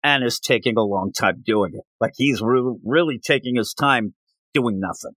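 A man co-hosting a podcast, reviewing comic books in casual chat and acting out characters' lines in quick voices. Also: medium pitch, a bit bright, no echo. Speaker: podcast co-host.

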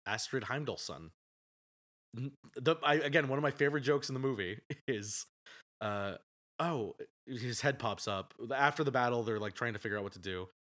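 A man's voice: medium pitch, moderate pace, fairly bright tone. A man co-hosting a casual movie review podcast, chatty and often laughing as he retells scenes. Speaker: podcast co-host.

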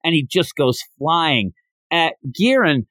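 A man's voice: a little high, sing-song, slow, a bit bright, no echo. Male podcast host, casual storytelling recap; dry close-mic sound. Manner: chatty storytelling, acts out quotes.

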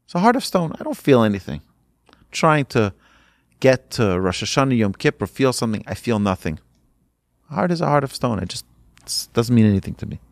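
A man's voice: sing-song, brisk, gravelly, no room sound. A man acting out a desperate man who begs his rabbi, his voice climbing as he pleads. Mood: despairing. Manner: begging, voice rising high.

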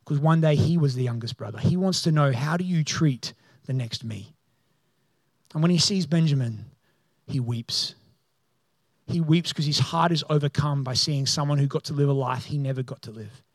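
Pastor, male, lively storytelling sermon voice, a little high, dry close sound. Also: normal speed, no echo. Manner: storytelling preacher, voices the figures, turns loud and excited.

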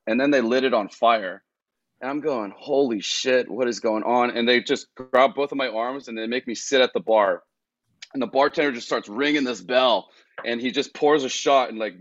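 A man telling a travel story in casual podcast chat, animated and laughing often. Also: mid-range voice, no room sound. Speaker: guest. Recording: dull, dry lo-fi sound.

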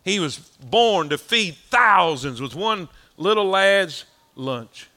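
Speaking slowly and expressively, a man with a high, pushed, bright voice preaches a sermon. The delivery is folksy and rhythmic, with lines repeated for emphasis and a rising and falling cadence.

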